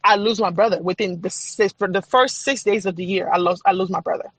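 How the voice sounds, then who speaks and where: A woman's voice: medium pitch, fairly even intonation, brisk, breathy edge, no room sound. A woman guest on a podcast, telling her personal faith testimony in an emphatic, repetitive, testifying way.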